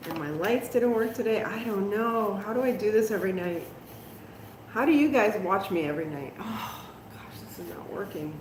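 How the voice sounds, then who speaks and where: A woman's voice: mid-range voice, animated, normal speed. A middle-aged woman hosting a casual live crafting stream at home, chatting to viewers and laughing at her own mistakes. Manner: chatty, self-deprecating, talks to viewers. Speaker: crafting livestream host. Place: at home, moving outdoors. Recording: roomy home echo, faint background noise.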